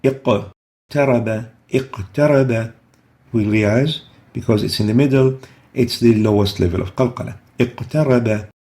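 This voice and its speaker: Patient male teacher, gravelly voice. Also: lowish voice, fairly even intonation, dark tone. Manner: patient, repeats example words slowly. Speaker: Quran recitation teacher. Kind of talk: explaining tajweed rules step by step.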